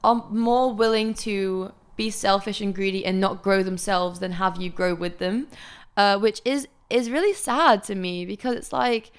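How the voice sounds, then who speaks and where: Young woman with a smooth voice. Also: medium pitch, steady tone, a little slow. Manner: candid, indignant storytelling with frequent swearing. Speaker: influencer guest. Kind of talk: casual podcast chat.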